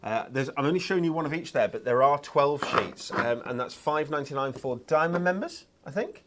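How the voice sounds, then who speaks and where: A man's voice: fairly high pitch, expressive, brisk, noisy background. A man presenting craft products on a live shopping show, chatty and enthusiastic, with lots of ums and uhs.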